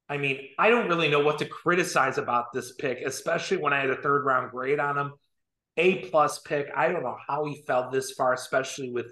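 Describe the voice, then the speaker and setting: A man co-hosting a podcast in casual sports chat, animated, joking and emphatic. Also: medium pitch. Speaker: podcast co-host. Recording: roomy echo.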